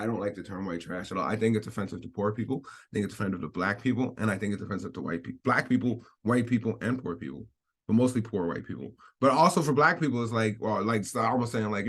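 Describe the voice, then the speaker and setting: This man's voice sits low and has a slight roughness. Reading through a news story as a commentary vlogger, he wanders off track, says things twice, laughs frequently, and interrupts himself to qualify his points.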